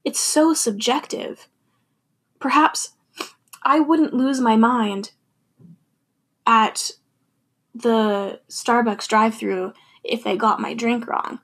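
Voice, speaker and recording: A woman's voice: a little high, slow pace, long pauses, a bit bright, slightly rough. A young adult woman talking candidly and thoughtfully about her feelings in a personal monologue, laughing now and then.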